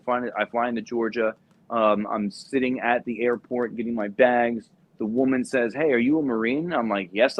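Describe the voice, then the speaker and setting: Man telling a lively profane story. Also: mid-range voice. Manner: animated, profane, acts out quoted voices. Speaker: podcast guest, former Marine recruiter. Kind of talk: casual storytelling. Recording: dull lo-fi podcast audio.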